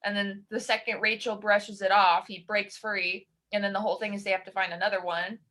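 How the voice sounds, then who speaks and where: A woman co-hosting a casual horror-film chat, talking in a chatty, animated way and laughing often. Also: medium pitch, brisk. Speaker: podcast co-host.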